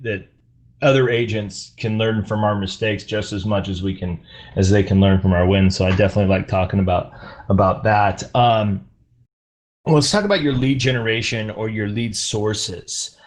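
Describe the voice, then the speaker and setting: A man's voice: on the low side, steady tone, normal speed. A man moderating a panel discussion, asking questions in an encouraging way with frequent fillers.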